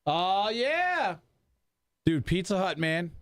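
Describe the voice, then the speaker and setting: A man's voice: sits high, very animated, slow, fairly bright tone, clean tone. A man in his forties in loose, profane, rambling chat on a radio talk show. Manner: profane, rambling banter with restarts. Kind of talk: casual chat.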